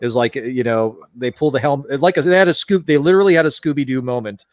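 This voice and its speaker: A man's voice: medium pitch, fast talker, a little mellow, no room sound. A man hosting a casual chat, ranting in an exasperated way and swearing freely. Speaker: podcast host.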